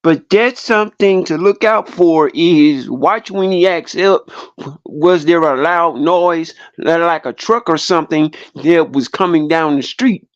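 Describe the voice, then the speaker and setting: Man, guest minister, slow and measured, fairly high voice, dry dull call audio. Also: dry recording. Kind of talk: casual livestream chat.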